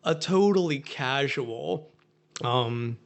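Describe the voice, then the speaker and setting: A man's voice: medium pitch, animated, slow pace, vocal fry. Rambling man recounting movie scenes. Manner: rambling retelling with many fillers and restarts. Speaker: guest film buff. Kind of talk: casual podcast chat.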